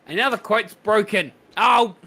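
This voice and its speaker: A man's voice: a little high, animated, normal speed, fairly bright tone. A man hosting a live stream, chatting casually and exasperated while he fixes broken chat commands. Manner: chatty, exasperated, laughing at tech troubles. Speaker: streamer host.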